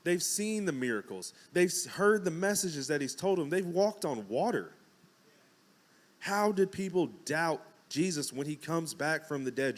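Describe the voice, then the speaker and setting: Man preaching a casual, joking sermon. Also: fairly high pitch. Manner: conversational, acts out quotes with jokes and asides. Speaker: pastor.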